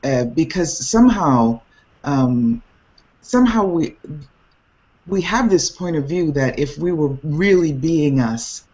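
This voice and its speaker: Animated, laughing woman on a dull video call. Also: a bass voice. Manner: animated, laughing often, many restarts. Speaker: host. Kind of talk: casual group video chat.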